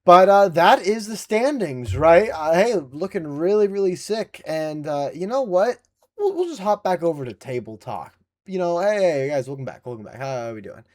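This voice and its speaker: High-voiced man hosting with animated banter. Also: moderate pace. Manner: animated, jokey, trails off and restarts. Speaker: co-host. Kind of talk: casual podcast banter.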